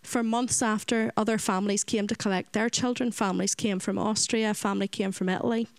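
A woman's voice: medium pitch, fairly even intonation, a little fast, dry recording, rough recording. Northern Irish woman telling a heartfelt story. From Northern Ireland. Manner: earnest storyteller, acts out quoted voices. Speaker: children's home director. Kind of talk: personal faith testimony talk.

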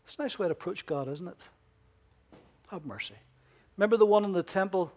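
A man preaching a sermon with emphasis, asking rhetorical questions and swinging between loud and hushed delivery. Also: high voice, rapid-fire.

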